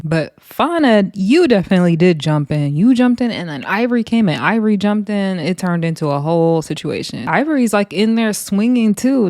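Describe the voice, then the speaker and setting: A woman's voice: on the low side, a little mellow, no room sound, clean studio sound. A young woman casually recapping a reality show, gossipy and laughing as she retells scenes in quoted voices.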